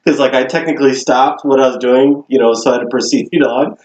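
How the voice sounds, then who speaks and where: A man's voice: medium pitch, fairly even intonation, brisk, a little mellow, reverberant. A young man casually telling a story on a podcast, swearing and laughing often. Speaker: podcast co-host.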